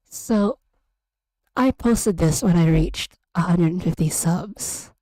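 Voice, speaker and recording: A woman's voice: fairly low pitch, very slow, dark tone, no echo. A woman chatting casually on a stream from her room, rambling and giggling and trailing off into filler. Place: home room. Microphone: USB desk microphone.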